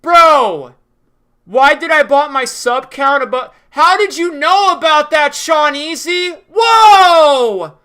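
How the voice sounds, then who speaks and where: A man putting on a mocking voice of a whiny, indignant male rival video maker who shouts in shrill outrage. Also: animated, slow pace, heavily acted. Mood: indignant shouting.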